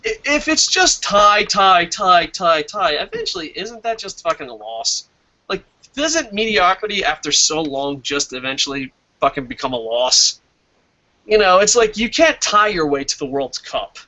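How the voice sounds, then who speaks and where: A man's voice: sits high, big pitch swings, moderate pace, sharp tone. A man hosting a casual wrestling review stream, reading viewer comments aloud, swearing freely and laughing at his own jokes. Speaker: wrestling show host.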